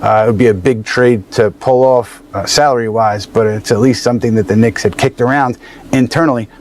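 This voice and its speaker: A man reads sports news in a measured, even, reporter-like delivery. A faint hiss of noise sits under his voice. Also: medium pitch. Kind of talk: reading a sports news article.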